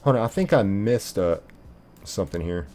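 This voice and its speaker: Rambling low-voiced male streamer. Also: expressive, normal speed, dark tone. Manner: reads viewer chat aloud and answers it; rambling, many filler "like"s. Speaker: live-stream host. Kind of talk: casual live-stream chat.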